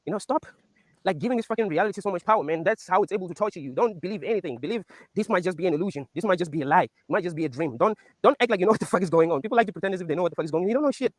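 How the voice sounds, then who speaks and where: Fast-talking, animated man, dry close sound. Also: sits high, dry recording. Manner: animated, profane, laughs while recapping scenes. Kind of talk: casual rant.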